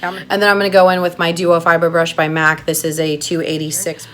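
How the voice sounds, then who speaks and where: A woman giving a chatty makeup tutorial, gushing and excitable as she talks to her viewers. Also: on the low side, a little fast. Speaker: makeup artist doing a tutorial.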